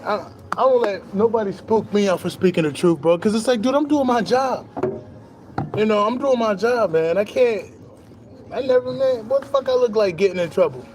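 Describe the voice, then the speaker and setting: Boastful high-voiced man ranting about truth. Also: normal speed. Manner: boastful, animated street slang, swears freely; laughs between lines. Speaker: spiritual vlogger. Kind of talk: casual monologue to camera.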